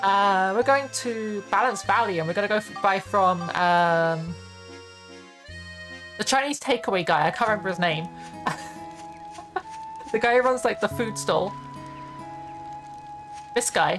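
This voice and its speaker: A woman's voice: medium pitch, takes it slowly, long pauses. A young woman chatting casually while streaming a video game, rambling with lots of fillers. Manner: rambling, many fillers and laughs. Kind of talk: casual gaming stream chat. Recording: faint music behind voice.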